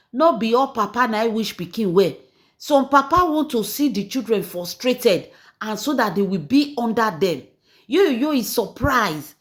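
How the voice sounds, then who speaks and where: A woman's voice: fairly high pitch, roomy sound. A Nigerian woman hosting a gossip channel, talking in a chatty, mocking way as she mixes Pidgin and English in celebrity gossip commentary.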